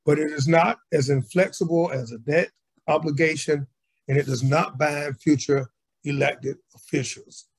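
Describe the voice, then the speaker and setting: A man reading a prepared speech on housing funding at a virtual community assembly, measured and deliberate. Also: on the high side, fairly even intonation, slightly rough. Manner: measured, read-aloud policy speech. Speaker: community organizer speaker. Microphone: video call.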